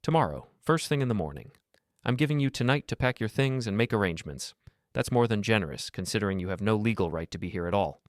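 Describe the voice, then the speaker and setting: A man with a deep voice reading the lines of a cold, curt father in a storybook narration. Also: lively intonation, quick pace, no echo, studio quality, lightly acted. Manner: curt, matter-of-fact. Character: cold dismissive middle-aged father.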